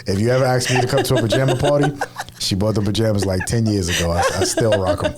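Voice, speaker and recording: A man's voice: on the low side, fast talker, background noise. A man in his thirties co-hosting a podcast, telling stories in a laid-back, slangy way with frequent laughs. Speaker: podcast co-host. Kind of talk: casual chat.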